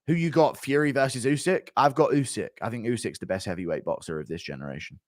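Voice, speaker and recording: A man's voice: medium pitch, quick pace, dry recording, studio quality. A man hosting a live stream, reading viewer donations and giving blunt, rambling fight commentary full of swearing.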